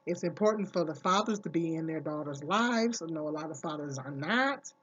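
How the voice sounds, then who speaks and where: A woman's voice: sits low, lively intonation, fairly quick, fairly bright tone, lo-fi sound. A woman vlogger talking casually to camera, giving earnest, emphatic advice and repeating her key phrases.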